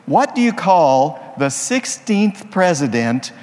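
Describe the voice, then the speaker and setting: A priest delivering a sermon in a folksy, playful manner, leaning on jokes. His delivery is unhurried but full of rises and falls, on the higher side for a man. The sound carries a long reverb from the church. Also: big pitch swings, darkish tone, slight background noise. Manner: folksy, playful joke-telling.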